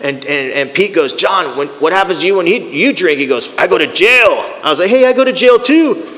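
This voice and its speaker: A middle-aged man giving a personal recovery testimony, storytelling in an animated way and acting out the voices of the people in it. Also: fairly high pitch, fairly quick. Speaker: recovery speaker. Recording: hall with long reverb.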